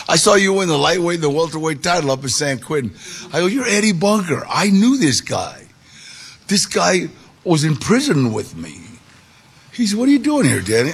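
Gravelly animated man telling his story. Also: a little high. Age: 40s or older. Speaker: guest storyteller. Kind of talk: personal story told to an audience.

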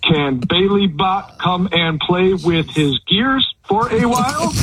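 A man's voice: sits high, animated, slow pace, heavy background noise. A man on a prank call, talking in a stiff malfunctioning robot voice. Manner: stiff beeping robot impression. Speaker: prank caller.

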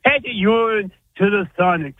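A male caller on sports radio, making his case slowly and emphatically. His voice is high for a man, and it comes through a dry, tinny phone line. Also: slightly rough, no echo. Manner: slow, emphatic opinions. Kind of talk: casual phone-in.

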